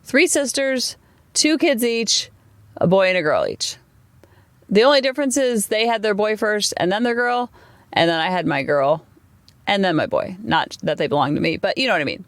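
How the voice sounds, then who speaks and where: A woman's voice: mid-range voice, moderate pace, dry recording. Chatty woman podcast host, dry sound. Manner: chatty, candid, animated storytelling. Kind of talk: casual solo podcast monologue.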